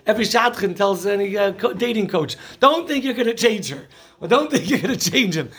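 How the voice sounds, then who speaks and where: A man's voice: high-pitched, brisk. A man teaching a Torah class, telling jokes and stories and mixing Hebrew and Yiddish terms into his English. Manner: animated storyteller who laughs at his own jokes.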